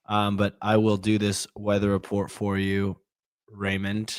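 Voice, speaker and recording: A man's voice: lowish voice, completely flat delivery, measured pace, dry recording, clean studio sound. A man co-hosting a casual crypto podcast, reading market news with brash, sarcastic asides and casual swearing. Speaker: podcast co-host.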